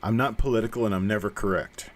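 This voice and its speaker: A fifties-aged host from the American South talks fast in a fairly low voice with a mild Southern accent. He runs a casual live coin stream, rambling bluntly and making fun of himself along the way.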